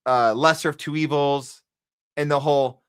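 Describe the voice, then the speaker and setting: A man's voice: fairly high pitch, steady tone, moderate pace, smooth. A man hosting a live news commentary podcast, ranting sarcastically and talking to his chat audience. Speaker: podcast host.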